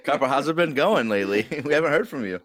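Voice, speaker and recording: A man's voice: a little high, lively intonation, fast, a bit bright, no echo, studio quality. A man hosting a podcast, teasing his guests and laughing often, with some swearing. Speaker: podcast host. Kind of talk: casual chat.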